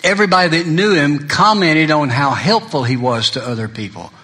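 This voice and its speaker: A man's voice: on the high side, a little fast, bright, forceful tone. A middle-aged man preaching a sermon, telling folksy stories and acting out other people's lines. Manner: folksy storytelling preacher, acts out friends' lines. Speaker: pastor.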